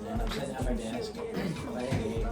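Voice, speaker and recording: A man spins a rambling, foul-mouthed story in a relaxed smoke session, getting loud and laughing as he goes. He sits a little away from the mic in an echoey room, with music playing clearly behind him. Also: high voice, fairly quick. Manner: animated, swearing, laughing through stories. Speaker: guest. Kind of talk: casual storytelling. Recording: roomy echo, distant mic, music behind.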